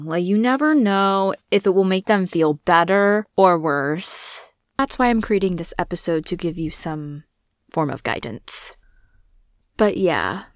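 A woman's voice: fairly low pitch, no room sound, clean studio sound. Blunt, swearing young woman podcaster. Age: 20s. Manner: candid, blunt, swears freely. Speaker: podcast host. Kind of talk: casual solo podcast talk.

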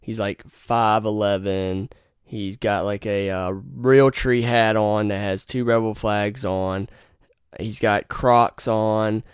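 A man's voice: fairly low pitch, steady tone, slow pace, clean tone, no room sound, clean studio sound. A young man hosting a podcast, telling rambling, profane stories and giving blunt opinions in a casual monologue. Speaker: podcast host.

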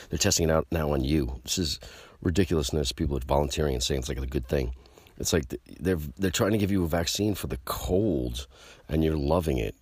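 A man's voice: extremely low pitch, husky, dry recording. A man ranting casually to the camera in a rambling, profane, emphatic way.

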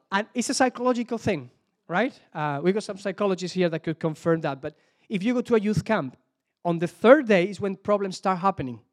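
High-voiced Spanish-accented male preacher. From Spain. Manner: searches for English words, repeats words, asks the audience for help. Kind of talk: sermon.

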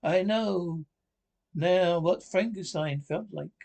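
A man's voice: sits high, slow pace, gravelly, darkish tone, full character voice. A man voicing a grave male scientist who gives urgent orders in a radio play. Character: grave male scientist facing his creation.

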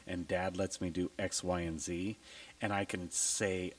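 A man with a low voice hosting a casual podcast, blunt and swearing freely. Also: fairly even intonation, a little slow, husky, low-quality recording. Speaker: podcast host.

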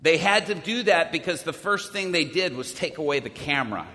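A man's voice: a little high, animated, fairly quick, big-room sound. A man telling a dramatic story of his own to an audience, acting out the voices of the people in it. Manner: acts out the dialogue he quotes, with sudden shouts.

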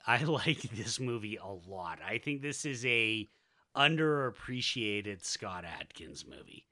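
A man's voice: mid-range voice, pushed and bright. An American man co-hosting a casual film podcast, talking with enthusiasm and sarcastic asides. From Utah, USA. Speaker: podcast co-host. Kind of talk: casual chat.

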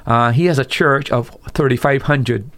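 A man who is a pastor talking on a radio discussion, emphatic and rising sharply in pitch when he quotes other preachers. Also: normal speed, fairly bright tone. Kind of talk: radio talk show discussion.

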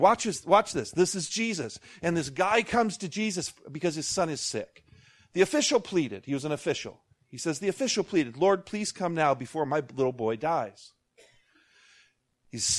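A man preaching a sermon as pastor, animated, with jokey asides and call-outs to the congregation. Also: a little high, moderate pace.

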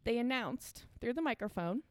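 A woman with a fairly high voice reads a creepy story to her podcast co-hosts, breaking into laughs and fillers as she goes. The sound is dry and close, with no room around it. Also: animated, normal speed, dry recording. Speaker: podcast co-host reading the story. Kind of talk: casual podcast chat, reading aloud.

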